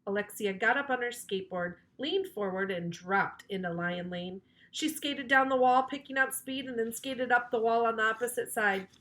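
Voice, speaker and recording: A woman librarian reads a children's chapter book aloud. She is animated and playful, and teases her young listeners. Her voice is bright and a little high. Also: normal speed, hardly any pauses. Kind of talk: children's storybook read-aloud.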